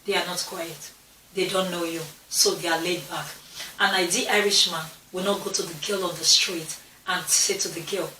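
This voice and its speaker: A woman's voice: fairly low pitch, steady tone, moderate pace, bright, forceful tone, far from the mic, slight background noise. A young adult woman chatting casually to camera for her channel, repeating herself and restarting phrases as she goes. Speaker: vlogger talking to her channel. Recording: roomy echo, a bit off-mic.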